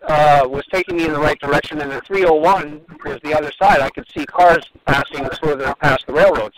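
A man's voice: a little high, poor audio. A male dermatologist guest on a radio show, earnestly recounting events and repeating words as he goes. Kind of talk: phone-in storytelling.

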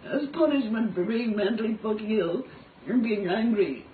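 A woman's voice: medium pitch, normal speed. Irish woman, raw and pleading, tinny echo. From Ireland. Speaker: singer making a personal video. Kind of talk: emotional confessional monologue. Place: motel room. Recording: echoey, distant, tinny phone-like audio with faint noise.

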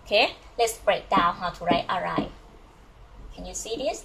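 A woman whose first language is Thai, teaching a language lesson and slowly repeating words for learners to copy. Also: medium pitch, gravelly, noisy background.

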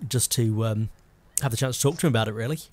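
A man co-hosting a casual talk show, chatty and animated. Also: on the low side, fast talker. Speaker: podcast co-host. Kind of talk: casual chat.

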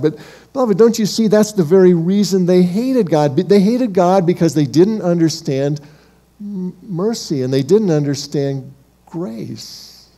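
A pastor delivers a sermon in a fairly high yet warm, mellow voice. He speaks to his congregation with rhetorical questions and addresses them as beloved, pushing some lines hard and dropping others almost to a hush. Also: animated, a little slow. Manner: dynamic delivery, shifting from emphatic to hushed.

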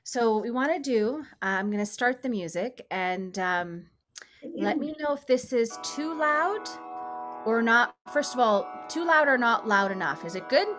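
A woman leading a meditation session, talking gently and casually with frequent small laughs. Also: fairly high pitch, lively intonation, measured pace, faint music behind. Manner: gentle, chatty, laughs often. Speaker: meditation leader. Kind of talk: guided meditation instruction.

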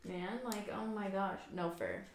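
A woman co-hosting a casual podcast, talking in a quick, chatty way with lots of "like" and frequent laughs. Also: mid-range voice, fairly even intonation, creaky, roomy sound, a crowd in the background. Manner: chatty, says "like" a lot, laughs often. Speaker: podcast co-host. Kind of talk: casual chat. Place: quiet room at home.

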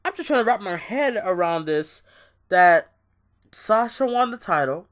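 Young male reviewer, slow-talking, angry, profane rant, loud-to-muttered swings. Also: high-pitched, big pitch swings. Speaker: wrestling show reviewer. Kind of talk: ranting show review.

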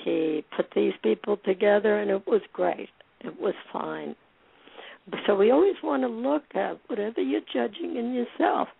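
A woman's voice: mid-range voice, moderate pace, gravelly, slightly rough, no room sound. A middle-aged woman from Brooklyn, a psychotherapist guest, explaining her ideas thoughtfully and correcting herself as she goes. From Brooklyn, USA. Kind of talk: phone interview. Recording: tinny phone line, dry.

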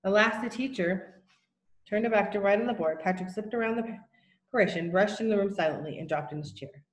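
A woman reading a children's novel aloud in plain, unhurried narration with small slips. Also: medium pitch, reverberant, low-quality recording. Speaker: reader.

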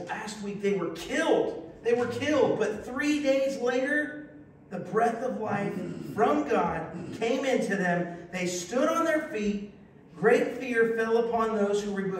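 A man with a high, bright-pitched voice preaches in a very echoey church sanctuary, heard from a distance. He reads scripture aloud and keeps breaking off to lead the congregation in call-and-response. His delivery is lively and exclamatory, with teasing asides to the room. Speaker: pastor. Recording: very echoey hall, voice from afar, faint hiss.

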